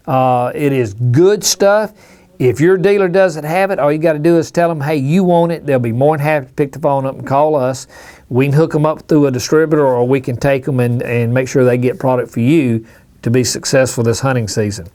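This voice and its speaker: A man's voice: mid-range voice, brisk, darkish tone. A man from Alabama, hosting a hunting call-in show in a folksy, rambling way. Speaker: radio show host. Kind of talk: casual call-in chat.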